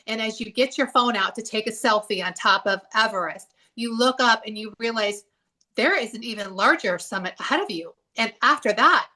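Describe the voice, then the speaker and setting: Bright-voiced woman talking from off-mic. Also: on the high side, moderate pace, far from the mic. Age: adult, left a church at seventeen years ago. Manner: animated storytelling, acts out voices with laughs. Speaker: host. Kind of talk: casual spiritual discussion.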